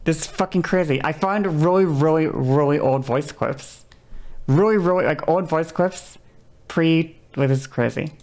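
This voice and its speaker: A woman streamer with a low, darkish voice chats and rambles casually on a livestream at a moderate pace. She laughs often and corrects herself mid-sentence.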